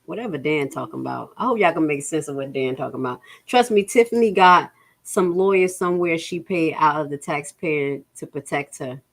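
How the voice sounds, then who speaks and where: A woman's voice: low voice, lively intonation, brisk. A woman hosting a casual livestream, bluntly and exasperatedly going over budget figures and reading out viewer comments. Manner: blunt, exasperated, reads chat aloud. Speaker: livestream host.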